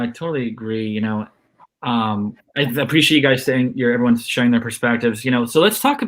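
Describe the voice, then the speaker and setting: A man's voice: medium pitch, fairly bright tone. A man hosting a panel discussion over a video call, talking hesitantly with many restarts and fillers. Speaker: host.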